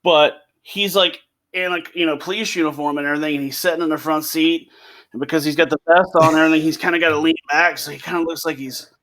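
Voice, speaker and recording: Animated, swearing man telling stories. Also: on the high side, quick pace. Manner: animated storyteller, swears, acts out quotes. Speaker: podcast co-host. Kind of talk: casual chat.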